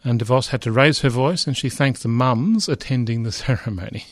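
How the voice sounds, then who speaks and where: A man's voice: medium pitch, fairly quick, no room sound, studio quality. A middle-aged man lecturing, reading a news report aloud with frequent asides, fillers and restarts.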